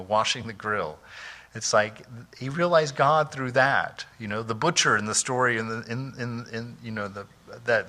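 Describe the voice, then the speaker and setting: Bright-voiced man giving a relaxed talk. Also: medium pitch. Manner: conversational, many "you know"s and restarts, laughs easily. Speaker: monk lecturer. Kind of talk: informal spiritual lecture. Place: temple hall.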